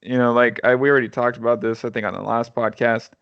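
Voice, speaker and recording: A man co-hosting a podcast, chatting casually and rambling, often trailing off quietly at the ends of phrases. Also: mid-range voice, flat delivery, quick pace, gravelly, smooth, dry recording, highs cut off. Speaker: podcast co-host. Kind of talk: casual chat.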